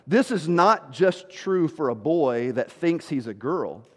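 40s guy pastor preaching, high voice, lively, acts out quotes, echo off a big church hall. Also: slow pace. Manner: animated preaching, quoting people in put-on voices. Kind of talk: sermon.

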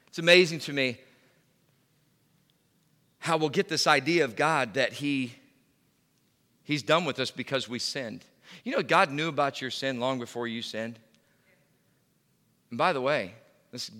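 High, bright-voiced preacher in a hall. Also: male voice. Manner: emphatic, voice swinging from loud to hushed. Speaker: pastor. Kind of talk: sermon. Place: church.

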